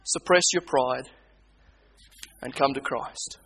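A man preaching a sermon, swinging between hushed pleading and loud, urgent appeals. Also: mid-range voice, takes it slowly, creaky, husky. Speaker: pastor.

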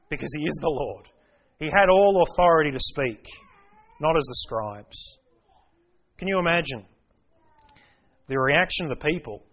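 A man with a slightly higher voice preaches an expository sermon, working through scripture verse by verse. He talks in an earnest, emphatic way. The recording sounds dull and lo-fi. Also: a bit bright.

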